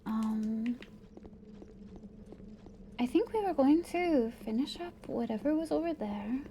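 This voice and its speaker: A woman with a high voice and a mellow, relaxed tone talks her way through a game on a live stream. She thinks aloud and wanders from point to point, sometimes sinking into soft, half-whispered asides. A faint hum sits behind her. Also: slow pace. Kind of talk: casual gameplay commentary.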